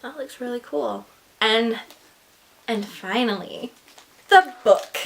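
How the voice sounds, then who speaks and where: A woman chatting casually through an unboxing, gushing and excitable, with gasps and whispered asides. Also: fairly high pitch, takes it slowly, gravelly, slight background noise. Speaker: book vlogger.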